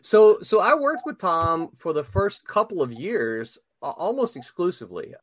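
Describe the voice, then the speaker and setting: Male host, high bright voice, very animated, laughs through his stories, dry sound. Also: normal speed, no echo. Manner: animated storyteller, laughs often. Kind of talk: casual chat.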